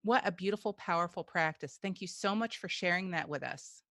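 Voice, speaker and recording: Bright, effusive lady podcast host, dry close sound. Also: lowish voice, a little fast, no echo. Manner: effusive, emotionally responsive. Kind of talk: podcast interview.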